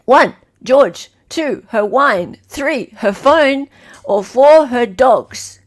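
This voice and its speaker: An Australian woman hosting a livestream quiz, playfully reading out multiple-choice options slowly and repeating them. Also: high voice, lively intonation. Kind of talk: casual livestream chat.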